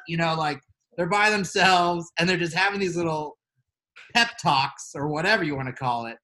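Higher-voiced rambling podcast guy. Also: fairly quick, bright, forceful tone. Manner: rambling, heavy on fillers. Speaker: podcast co-host. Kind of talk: casual chat.

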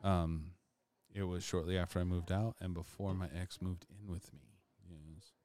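A man's voice: low-pitched, fairly even intonation, moderate pace, mellow. A man co-hosting a casual chat, teasing and rambling with many fillers. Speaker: podcast co-host.

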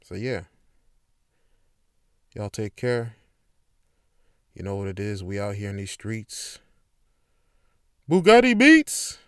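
Slow-spoken, candid podcast man. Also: on the low side, steady tone, darkish tone, clear, resonant tone, no echo, studio quality. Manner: candid, profane, emphatic. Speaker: podcast host. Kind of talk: casual motivational monologue.

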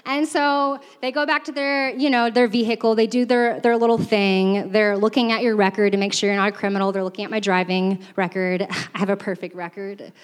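A woman's voice: medium pitch, fairly even intonation, a little fast, few pauses, smooth. A young woman on a church's staff, telling a self-deprecating story in a sermon, chatty and laughing often, with lots of fillers. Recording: long reverb from a large hall.

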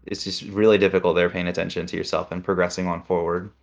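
A man's voice: low-pitched, flat delivery, fast talker, vocal fry. A man chatting casually, rambling and acting out inner voices as he explains. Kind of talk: casual chat. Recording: dull lo-fi sound with faint music.

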